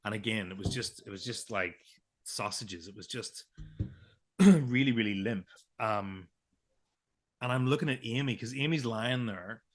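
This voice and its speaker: Podcast co-host, male, lowish voice, emotional first-person storytelling with quoted dialogue. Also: measured pace, pauses often. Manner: emotional retelling with quoted dialogue, hesitant restarts.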